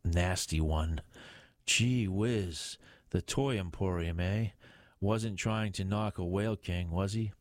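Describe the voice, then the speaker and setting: A man's voice: low voice, slow pace, no room sound, studio quality. A man voicing a cheeky younger male police sergeant who teases his boss. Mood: teasing. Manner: teasing and jokey. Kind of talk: audiobook character voice.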